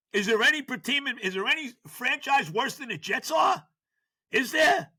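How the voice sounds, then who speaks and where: An older man tears into his team on his sports podcast. His voice sits high and sharply bright, and it swings wildly in pitch. He stammers through restarts, shouts, then drops to a low grumble. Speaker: podcast host. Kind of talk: sports rant.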